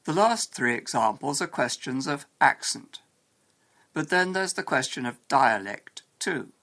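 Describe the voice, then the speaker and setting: Gravelly-voiced man explaining English. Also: mid-range voice, fairly bright tone. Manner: measured, explanatory. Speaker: English teacher. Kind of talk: scripted educational narration.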